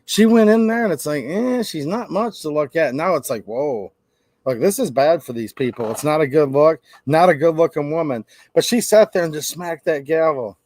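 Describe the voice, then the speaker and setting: A man's voice: a little high, normal speed, a little mellow, dry recording. A man hosting a channel, ranting brashly in casual livestream commentary to his chat. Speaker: host.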